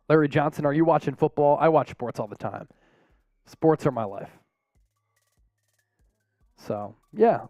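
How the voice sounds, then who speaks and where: A man's voice: on the high side, moderate pace, long pauses, darkish tone, no echo, soft background music. A man hosting a live sports stream, chatting casually in a laid-back, rambling way with frequent chuckles. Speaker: sports show host.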